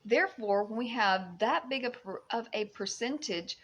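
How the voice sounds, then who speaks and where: A woman's voice: fairly high pitch, animated, normal speed, a bit bright, breathy edge. A woman live-streaming a casual chat to her viewers from her home, bubbly and exclamatory, often breaking into giggles. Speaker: livestream vlogger. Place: at home in Fiji.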